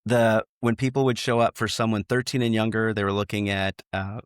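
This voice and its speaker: Frank low-voiced retired trooper. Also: male voice, little pitch movement, a little fast, clear, resonant tone, no echo, studio quality. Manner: frank, many restarts, quotes dialogue. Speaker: retired state trooper, guest. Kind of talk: storytelling in a podcast interview.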